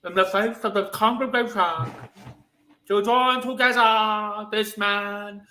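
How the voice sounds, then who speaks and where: A man voicing a pompous old wedding priest, speaking slowly and ceremoniously in a nasal voice. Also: high voice, steady tone, bright, forceful tone, reverberant, slight background noise, pitched above the performer's own voice, heavily acted. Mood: solemn. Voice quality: nasal, drawn-out. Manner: slow and ceremonious. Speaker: comic book podcast host.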